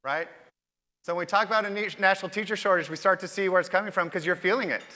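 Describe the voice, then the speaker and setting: A high-voiced man speaks with a bright, forward tone as he hosts a conference keynote. He stays upbeat and keeps turning to the crowd with questions. His voice rings out through a large hall with a long, trailing echo. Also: steady tone, quick pace. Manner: upbeat, addresses the audience directly with questions.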